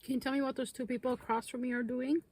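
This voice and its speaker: A woman's voice: high voice, little pitch movement, very fast, a little mellow, breathy edge. A woman vlogging outdoors at a cemetery, asking questions casually and sometimes dropping to a whisper. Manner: questioning, often drops to a whisper. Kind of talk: casual ghost-hunting vlog talk.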